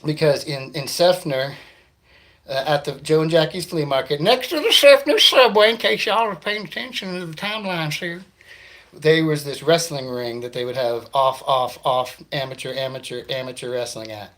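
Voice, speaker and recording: A man's voice: a little high, moderate pace, fairly bright tone. Rambling, self-mocking male comedian. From Tampa Bay area, Florida, USA. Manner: rambling, self-deprecating, profane. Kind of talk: comedic storytelling monologue.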